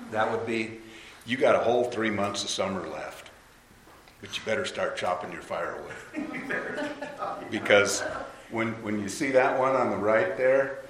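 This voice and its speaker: A man delivers a sermon to a live audience in a hall, keeping it conversational and asking them questions. He has a medium-pitched, slightly bright voice, and the recording sounds roomy with faint noise.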